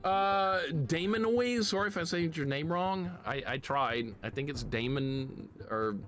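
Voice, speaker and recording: A man from the southeastern United States with a slight Southern city accent, chatting excitedly while streaming a game and greeting viewers. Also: mid-range voice, measured pace, faint music behind. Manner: chatty, excitable, laughs often, greets chat. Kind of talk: live gameplay commentary.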